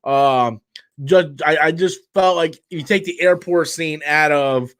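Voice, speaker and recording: Tired male stream host, higher-pitched voice, blunt and profane, rambling casual rant. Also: slow, fairly bright tone, no echo.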